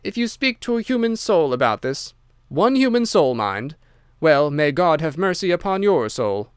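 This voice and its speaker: A man's voice: a little high, sing-song, normal speed, clean tone, no room sound, studio quality. A man reading aloud, voicing a sinister older captor who giggles and threatens. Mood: menacing. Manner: menacing, giggling between words.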